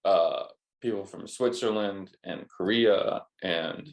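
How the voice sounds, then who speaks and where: A man's voice: low voice, slow, vocal fry. A man chatting casually, telling a rambling travel story with many fillers and restarts. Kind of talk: casual chat.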